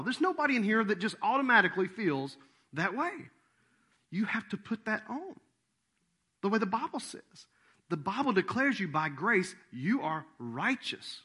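A man preaching a sermon as pastor, animated, dropping to soft asides and jumping to loud acted-out quotes. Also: on the high side, unhurried, breathy edge.

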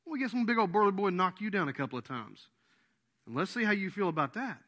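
Animated, high-pitched, lively preaching man. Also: fast talker. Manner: animated, emphatic preaching with mock quotes and sudden drops to a low voice. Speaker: pastor. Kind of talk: sermon.

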